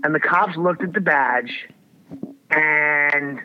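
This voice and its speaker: A man's voice: a little high, slow pace. A man telling a wild story in casual chat, rambling and swearing with lots of restarts. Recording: dull lo-fi audio.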